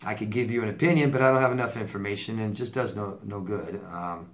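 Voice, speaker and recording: A man's voice: fairly low pitch, fast talker. A man working as a relationship coach, answering viewer letters in a casual advice monologue, blunt and repeating himself for emphasis with stammered restarts.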